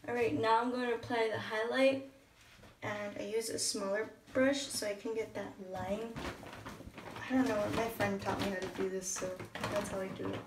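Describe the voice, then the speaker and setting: A young woman with a morning voice talks casually and a little hesitantly through her makeup routine at home, thinking aloud like the beauty vlogger she is. Her pitch is medium, her tone steady and her speed normal, but the background is noisy. The mic sits at a distance in an echoey room, and a shower runs in another room.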